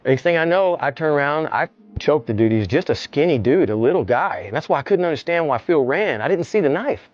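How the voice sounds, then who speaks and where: Animated middle-aged man telling a story. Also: brisk, no room sound, highs cut off. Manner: animated, swearing, acts out the scene with jumps in pitch. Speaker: interview guest. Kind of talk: casual storytelling in an interview.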